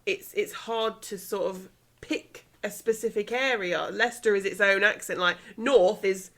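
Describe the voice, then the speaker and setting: A woman from Birmingham with an English Midlands accent, co-hosting a casual podcast in a relaxed way. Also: medium pitch, measured pace. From Birmingham, England. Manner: relaxed, brief agreeing replies. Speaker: podcast co-host. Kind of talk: casual chat.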